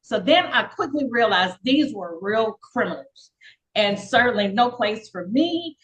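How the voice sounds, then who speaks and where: An older woman, a podcast guest, telling her life story in a casual, lively way and acting out the voices of people she quotes. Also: fairly high pitch, a little slow, muffled recording. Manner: lively, acts out quoted dialogue; frequent fillers and repeats.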